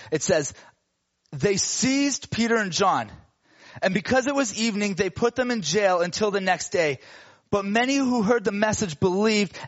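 Animated high-voiced male preacher. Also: highs cut off. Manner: animated, acts out characters in casual slang. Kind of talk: sermon storytelling.

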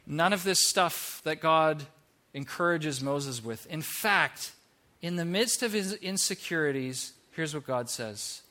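A man preaching a sermon in a church, animated and humorous, who slips into playful mock voices to make his point. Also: on the high side, slow pace. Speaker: pastor.

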